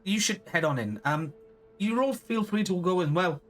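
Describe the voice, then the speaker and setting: A man's voice: high voice, lively intonation, normal speed, a bit bright, voice pushed up. A man voicing a dry, teasing young woman who talks matter-of-factly. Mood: wry.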